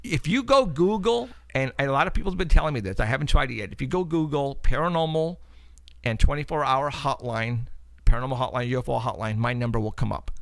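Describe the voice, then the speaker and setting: A man hosting a paranormal talk show, telling stories in a casual, animated way and acting out the people he quotes. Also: mid-range voice, fast talker, creaky, dry recording. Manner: animated storyteller, acts out phone calls with quoted voices. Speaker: paranormal investigator and show host. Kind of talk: casual chat.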